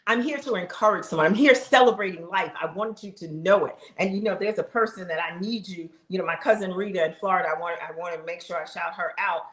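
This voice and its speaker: A woman's voice: lowish voice, fast, few pauses, fairly bright tone. Emphatic chatty woman in an echoey room. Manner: emphatic, chatty, talks straight to the audience. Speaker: vlogger. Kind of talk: casual heartfelt monologue to viewers. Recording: roomy echo.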